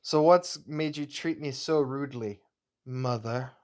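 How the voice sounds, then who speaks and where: A man voicing a cold, menacing male wartime scientist villain, speaking slowly and deliberately with threats. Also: medium pitch, a little mellow, natural voice.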